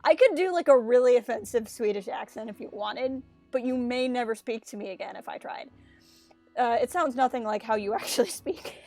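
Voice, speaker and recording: A woman's voice: a little high, a little fast, darkish tone. Female streamer, chatty and self-mocking, faint background music. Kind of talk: casual game-stream commentary, reading dialogue aloud.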